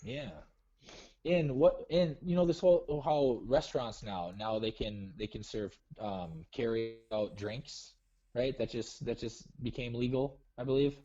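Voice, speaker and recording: A man's voice: medium pitch, measured pace, dark tone, highs cut off. A man calling into a live show, chatting casually and grumbling in a self-deprecating way. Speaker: caller. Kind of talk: casual chat.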